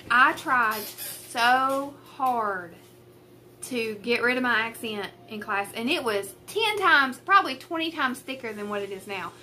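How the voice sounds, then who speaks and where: A young woman with a thick rural Southern US drawl talks straight to her tripod camera at a kitchen table, rambling freely. Her voice is bright and a little high, with a faint hiss of room noise behind it. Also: animated, unhurried. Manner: chatty and rambling, self-deprecating. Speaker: craft vlogger. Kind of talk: casual chat to camera. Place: at home, at a table. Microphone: camera on a tripod with a ring light.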